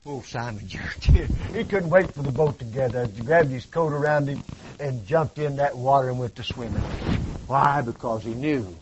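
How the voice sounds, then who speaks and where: A man preaching a sermon, swinging from loud cries to hushed tones and leaning on rhetorical questions and repetition. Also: medium pitch, moderate pace, background noise. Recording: dull lo-fi recording.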